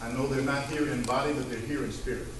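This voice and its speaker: A man's voice: mid-range voice, steady tone, fast talker, background noise. Man giving a eulogy in an echoey church. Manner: emotional, storytelling, calls out "Amen". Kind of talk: heartfelt funeral speech. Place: church service. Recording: echoey room, mic from far off.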